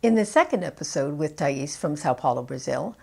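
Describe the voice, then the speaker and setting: A woman with a Canadian accent, a pronunciation coach giving instructional commentary and modeling words slowly and clearly. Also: sits low, expressive, a little mellow. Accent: Canadian English.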